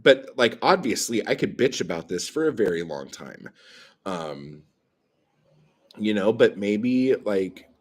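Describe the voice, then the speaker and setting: A man with a lowish voice rants on a livestream. He swears freely and sounds exasperated. His pitch swings widely, and he takes his time. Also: very animated, slow pace. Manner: profane, exasperated ranting. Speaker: livestream host reading chat comments. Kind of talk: heated livestream rant.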